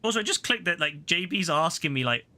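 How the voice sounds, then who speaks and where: A man streaming a game live, chatting to his viewers in an excitable, slangy way and swearing casually. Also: a little high, fast talker.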